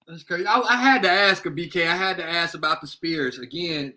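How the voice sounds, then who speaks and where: A man hosting a podcast, chatting casually, curious and quick to laugh. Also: on the high side, pushed and bright. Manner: laughs easily, curious, interjecting. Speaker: podcast host. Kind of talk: casual chat.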